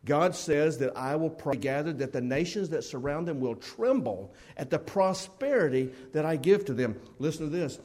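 A man preaching a sermon as a Baptist preacher, telling stories with loud emphasis and dropping to low asides. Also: lively intonation, normal speed, few pauses.

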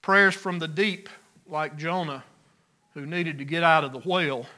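A pastor preaching a sermon, earnest, rising loud on key phrases and dropping soft. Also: male voice, a little high, measured pace.

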